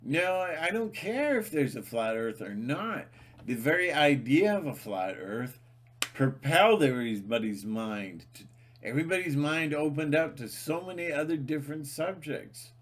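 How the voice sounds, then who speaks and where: A man's voice: mid-range voice, lively intonation, normal speed. A man talking straight to his viewers in a rambling, emphatic monologue, often repeating himself and restarting sentences. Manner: emphatic, repetitive, many restarts and fillers. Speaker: channel host.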